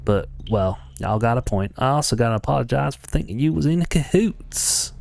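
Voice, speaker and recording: A brash woman adventurer with a put-on Texan drawl, as a man does her voice. She talks tough and folksy, leaning into every vowel, her tone gritty and gravelly. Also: medium pitch, expressive, moderate pace, darkish tone, no echo.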